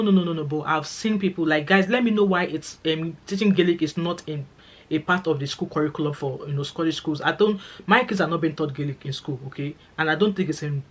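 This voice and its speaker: A Nigerian woman talks to camera in a brisk, rapid vlog. She is chatty and emphatic, often repeating words to drive a point home and addressing her viewers directly. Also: sits low. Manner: chatty and emphatic, repeats phrases for stress, speaks straight to viewers. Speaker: vlogger. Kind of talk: casual talking-to-camera vlog.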